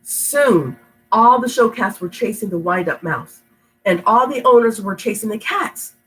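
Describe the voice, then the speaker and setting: A woman's voice: mid-range voice, animated, a little slow, fairly bright tone, low-quality recording. Sick-sounding woman reading stories to kids. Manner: rambling, affectionate, laughs often. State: sick, stuffy voice. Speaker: storytime reader. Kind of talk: reading aloud to kids, then casual chat. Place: home indoors.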